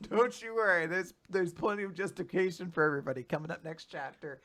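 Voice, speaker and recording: A man hosting a podcast, recapping comics in casual chat with animated storytelling. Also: high voice, fairly quick. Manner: animated storytelling with silly voices and laughs. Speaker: podcast host.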